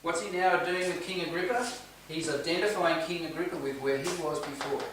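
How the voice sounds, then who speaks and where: A man's voice: a little high, fairly even intonation, fairly quick, background noise. A man leading a home church Bible study, earnest and questioning the group as he teaches. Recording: echoey room, distant mic, faint ambience.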